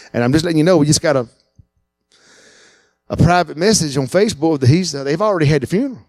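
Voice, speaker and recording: A man preaching a sermon, animated and acting out the voices he quotes. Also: fairly high pitch, fast, no echo, studio quality. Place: church.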